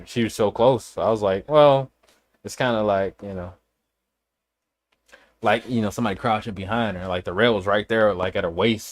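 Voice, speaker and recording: Male streamer from Chicago, casual, profane, blunt storyteller. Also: fairly low pitch. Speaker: livestreamer. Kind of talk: casual livestream chat.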